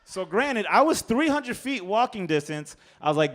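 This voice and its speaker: Animated, swearing man telling a drunk story. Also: high voice, normal speed, few pauses. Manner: animated, profane, laughing at himself. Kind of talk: live comedic storytelling. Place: Chicago storytelling stage.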